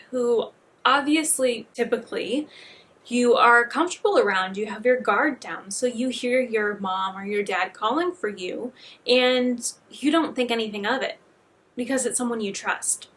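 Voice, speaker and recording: A woman's voice: on the high side, unhurried, a bit bright. A woman hosting a video compilation, giving earnest commentary to her viewers between clips. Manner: earnest, talks directly to viewers. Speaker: host.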